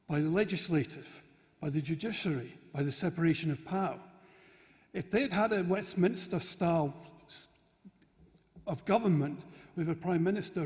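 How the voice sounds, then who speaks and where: A man's voice: high voice, a little mellow. A man giving an argumentative political speech to a hall, using rhetorical questions. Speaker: conference speaker. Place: large conference hall. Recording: long hall reverb.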